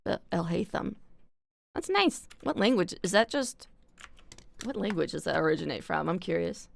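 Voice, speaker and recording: A woman's voice: lowish voice, very animated, moderate pace, vocal fry, a little hiss or hum. A young woman from Canada chatting casually on a live stream, rambling with lots of fillers and casual swearing.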